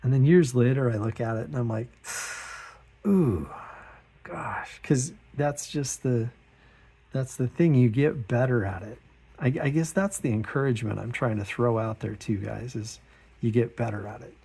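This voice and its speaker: A middle-aged man hosting an art channel, chatting in a relaxed, rambling, self-deprecating way while he draws, often chuckling and acting out what others said in a higher voice. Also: fairly quick, gravelly, breathy edge. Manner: acts out quoted remarks in a higher voice. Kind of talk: relaxed chat while drawing.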